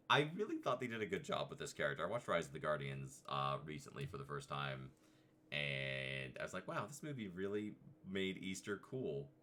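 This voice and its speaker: A man's voice: extremely low pitch, sharp tone, slight background noise. A man hosting a casual tier-list video, rambling and chatty with playful asides. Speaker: vtuber host.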